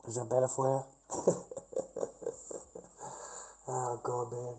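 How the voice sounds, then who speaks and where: A man's voice: medium pitch, completely flat delivery, slow, warm tone, poor audio. An Australian man in a rambling casual livestream chat with viewers, blunt and profane, ranting and laughing things off, speaking into a webcam in front of his screen.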